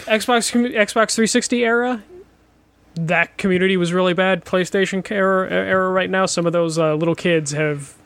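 A man's voice: high voice, steady tone, normal speed, a bit bright, no echo. A man co-hosting a gaming podcast in casual chat, blunt and profane, often laughing as he talks. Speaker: podcast co-host.

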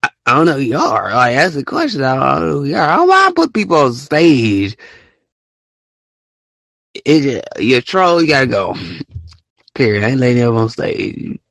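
A man hosting a live audio show, ranting in casual slang and often jumping into high, mocking quotes. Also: very animated, moderate pace, creaky, long pauses, fairly bright tone, no room sound, studio quality. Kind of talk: casual rant to listeners.

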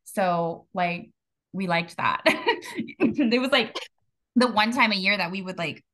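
A woman's voice: medium pitch, measured pace, a bit bright. A young woman guest chatting casually on a podcast, laughing often and saying "like" a lot. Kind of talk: casual conversation about grief.

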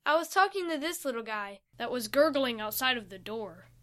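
An urgent young boy hero on a quest, as a woman narrator puts him on. His voice sits high and bright, and he presses every line forward with rising alarm, shouting when danger closes in. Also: animated, normal speed.

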